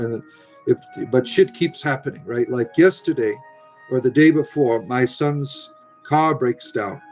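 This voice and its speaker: A middle-aged man from the Americas hosts a casual livestream, chatting with live viewers in a mid-range, slightly mellow voice. Rambling and salty, he rants with profanity about a mechanic, leaning on "right?" and lots of filler.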